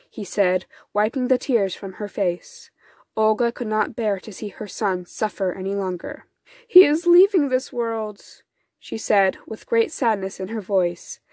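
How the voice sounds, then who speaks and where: A woman reading a folktale storybook aloud in an unhurried, soft storytelling manner. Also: medium pitch, no echo. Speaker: storybook reader. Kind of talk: children's storybook narration.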